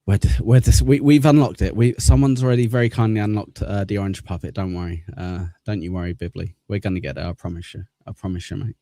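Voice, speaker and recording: A man's voice: low-pitched, steady tone, quick pace, hardly any pauses, dark tone, no echo. A man hosting a livestream, chatting casually as he thanks channel members, rambling and self-deprecating. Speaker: livestream host.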